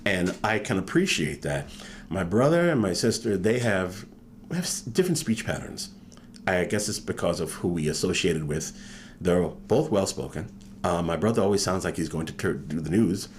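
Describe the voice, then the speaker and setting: A man with a non-regional American accent, a guest author telling animated stories in a casual interview. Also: deep voice, moderate pace, slight background noise. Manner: animated storyteller, drops into impressions.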